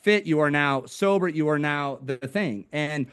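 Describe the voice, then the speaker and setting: Slangy, high-energy man telling stories. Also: measured pace, smooth, no echo. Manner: energetic, slangy storyteller, says "dude" a lot. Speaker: podcast guest. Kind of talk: casual interview chat.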